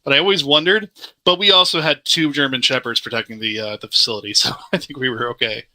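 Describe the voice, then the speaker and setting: A man on a podcast speaks with a very bright, sharp tone, chatting bluntly and easily slipping into swearing. He laughs easily and keeps a relaxed, offhand delivery. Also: medium pitch, quick pace. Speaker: podcast co-host. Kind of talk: casual chat.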